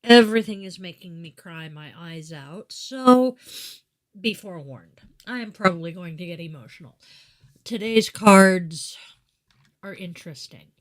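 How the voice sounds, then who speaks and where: Slow, chatty woman reading tarot. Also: on the low side. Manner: chatty, warm-hearted, meandering with asides. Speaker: tarot reader and yoga teacher. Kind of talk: live-streamed daily tarot reading.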